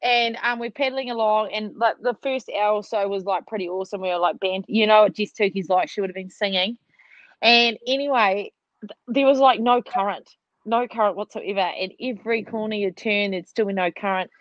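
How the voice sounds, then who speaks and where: Animated New woman on a dull call. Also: mid-range voice, fairly quick, dry recording. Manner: animated storytelling, laughing often, lots of "like". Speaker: netball player catching up with a teammate. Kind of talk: casual video call chat.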